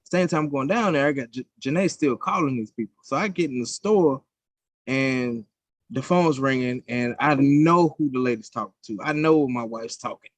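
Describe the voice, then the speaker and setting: Profane, animated man telling stories. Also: mid-range voice, normal speed, no room sound. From United States. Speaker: podcast co-host. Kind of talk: casual chat.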